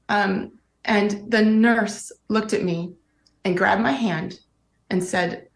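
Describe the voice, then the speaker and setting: A woman's voice: mid-range voice, takes it slowly, roomy sound. A middle-aged woman guest in an interview clip, speaking candidly and earnestly with fillers like "like" and "um".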